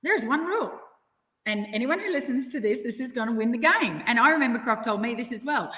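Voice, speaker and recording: A woman guest chatting excitedly and emphatically, often laughing, about her own time on the show. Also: a little high, fast talker. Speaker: guest, former castaway. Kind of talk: casual chat. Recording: echoey room with long reverb.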